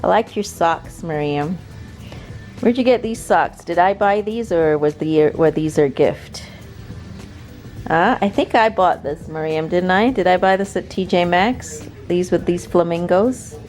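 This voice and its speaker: Speaking a little slowly in a fairly low, darkish tone, a vlogger mom laughs and chats playfully with her family at home. She's originally from abroad and moved to the US at about sixteen, and clear background music runs under her voice.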